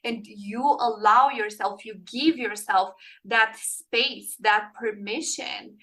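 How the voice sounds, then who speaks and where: Woman guest, earnest and encouraging, bright and a touch high. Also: measured pace, low-quality recording. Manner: earnest, encouraging, speaks softly when quoting comforting words. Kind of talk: casual conversation.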